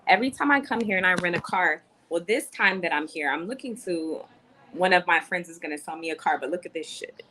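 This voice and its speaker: A woman's voice: on the low side, brisk, bright, forceful tone, a little hiss or hum, rough recording. A young adult woman venting in a casual livestream, chatty and swearing as she reads chat comments. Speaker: vlogger on a livestream.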